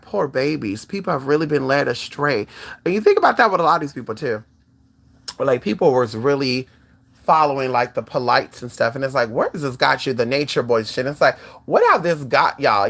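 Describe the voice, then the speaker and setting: A channel host in casual talk to viewers, sassy and animated, profane, sprinkling "girl" and "honey" through every thought. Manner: sassy and animated, swinging pitch often; peppers speech with "girl" and "honey".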